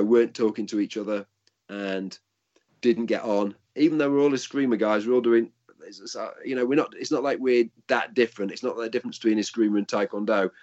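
A man's voice: fairly low pitch, a little mellow, muffled recording. An older man and martial arts instructor answering interview questions in a casual, rambling way with frequent restarts.

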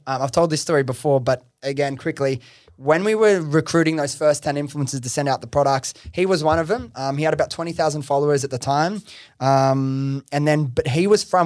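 A young man, a podcast host taking the guest seat, tells his business story in a lively, slangy way with frequent swearing and fillers. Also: on the high side, fairly quick, no room sound, clean studio sound. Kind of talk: casual interview storytelling.

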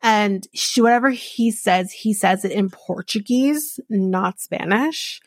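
A woman's voice: mid-range voice, slow pace, dry recording, studio quality. A woman hosting a podcast, recapping a reality show in a chatty, rambling way with many restarts. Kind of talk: casual chat recap.

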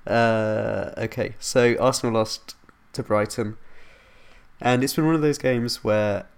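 A man's voice: medium pitch, steady tone, unhurried, smooth. A young man hosting a football podcast in casual chat, rambling and stopping to correct himself. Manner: rambling, self-interrupting, laughs at himself. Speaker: podcast host.

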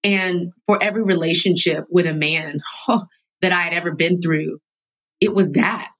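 A woman guest in a studio telling her own story candidly, emphatic and animated, sometimes laughing through her words. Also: on the low side, moderate pace, rough recording. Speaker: podcast guest.

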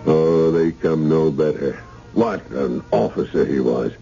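An actor playing a jovial old soldier, hearty and rambling, in a 1970s radio drama. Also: male voice, very deep voice, expressive, measured pace, vocal fry, dark tone, soft background music, exaggerated voice. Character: jovial old male soldier, fond of food. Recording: dull lo-fi radio recording.

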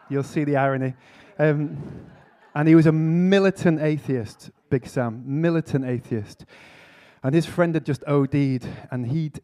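A man's voice: medium pitch, warm tone. A man giving a conference sermon, telling a story earnestly with self-mocking humour. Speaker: speaker at a church conference. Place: conference hall talk.

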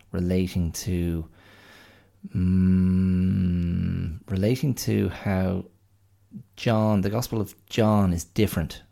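A man's voice: low-pitched, vocal fry, mellow. A man hosting a podcast alone, rambling and thinking aloud in casual chat. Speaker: podcast host.

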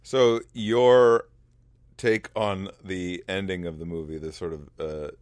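A man with a low voice hosts a casual conversation, asking questions and working through his thoughts aloud. He restarts his sentences often and halts as he reasons. The sound is dry and close, with no room echo. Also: steady tone, darkish tone. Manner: thoughtful, halting, many restarts.

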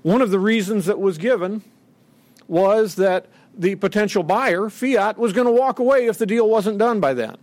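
A man's voice: high-pitched, normal speed, darkish tone, dry recording. A middle-aged man giving an emphatic, indignant speech from a podium and acting out quotes. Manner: emphatic, indignant, dramatic quoting. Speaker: speaker at a podium. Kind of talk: public speech.

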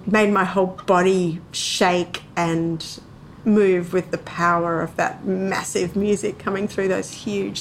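Woman recalling a story, chatty and laughing, slight noise underneath. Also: lowish voice. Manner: laughs often, chatty and animated. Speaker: interviewee telling a memory. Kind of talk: casual storytelling.

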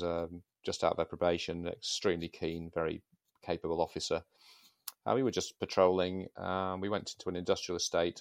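Deep-voiced storyteller, dry and close. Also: male voice, vocal fry, dry recording. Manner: measured, dry storyteller with hesitations. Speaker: guest, former police sergeant. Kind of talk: anecdotal storytelling.

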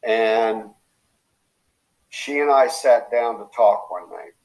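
A man speaking as a coaching guest in casual motivational talk. He tells his stories with animation and acts out quotes with big jumps in pitch. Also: slow, darkish tone, low-quality recording.

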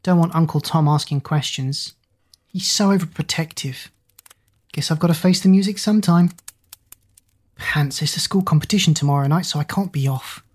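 A woman's voice: low-pitched, moderate pace, darkish tone, breathy edge. A woman voicing a troubled, moody schoolgirl, sulky and nervous.

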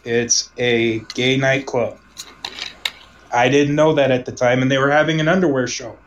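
A man from Omaha telling a personal story in casual conversation, rambling, restarting sentences and trailing off softly. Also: medium pitch, steady tone, normal speed, slight background noise, low-quality recording.

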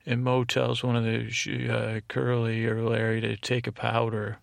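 Man, sleep podcast host, monotone, meandering recap, dry close sound. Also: mid-range voice, moderate pace, gravelly, dry recording. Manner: rambling, digressive, with many fillers and restarts.

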